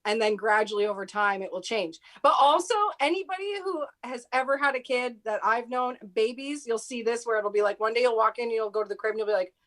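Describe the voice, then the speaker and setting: A woman's voice: a little high, a little fast, hardly any pauses. A woman, a radio host appearing as a guest, chatting casually and telling stories with flair. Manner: animated storyteller, acts out quotes. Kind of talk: casual chat.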